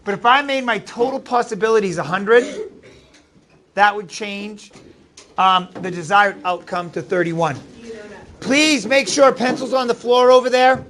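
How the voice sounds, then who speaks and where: A man's voice: high voice, measured pace, a bit bright, a little hiss or hum. A man with a Maine accent teaching a math class, chatty and jokey, often shushing his students. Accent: New England (Maine).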